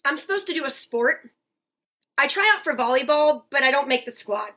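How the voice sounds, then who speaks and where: Woman, forties, from Massachusetts, high pitch, self-deprecating comic storyteller. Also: lively intonation, normal speed, sharp tone. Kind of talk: personal storytelling.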